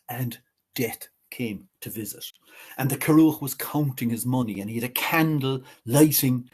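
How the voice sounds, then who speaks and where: A man telling a folk tale in a measured way, slowing on key words. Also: medium pitch, slightly rough. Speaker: storyteller.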